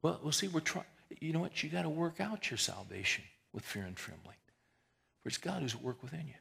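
A man preaching a sermon in a folksy, conversational way, rising to emphatic swells and dropping to hushed prayer. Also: fairly high pitch, big pitch swings, fairly quick, vocal fry. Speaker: pastor.

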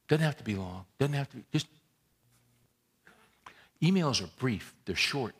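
A man's voice: on the low side, lively intonation, measured pace, long pauses, slightly rough. Conversational male pastor preaching. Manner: conversational, swings between loud emphatic asides and quiet intimate tones. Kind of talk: sermon.

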